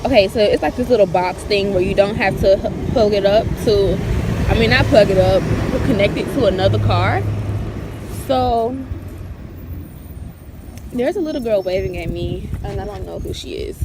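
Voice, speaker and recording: A young woman vlogger chats casually into her phone camera, rambling and slangy, partly outdoors beside a parked car. Her voice is mid-range at a normal pace, and loud street noise fills the outdoor recording.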